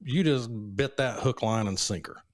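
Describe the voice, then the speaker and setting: A man's voice: medium pitch, expressive, moderate pace, no room sound, clean studio sound. A man in his forties co-hosting a podcast, making teasing wisecracks. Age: 40s. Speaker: podcast co-host. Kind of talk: casual chat.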